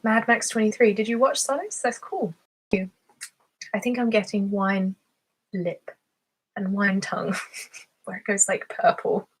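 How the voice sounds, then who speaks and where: Woman, ASMR host, casual live-stream chat, reads viewer comments, giggly, slightly husky voice, mid pitch. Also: unhurried, pauses often. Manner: chatty and giggly, laughs often.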